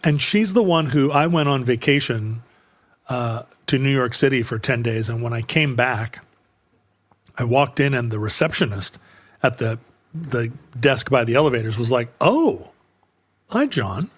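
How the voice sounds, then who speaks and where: A man's voice: medium pitch, moderate pace. Man telling a rambling story. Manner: rambling, animated voices for quoted people. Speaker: podcast co-host. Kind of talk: casual storytelling chat.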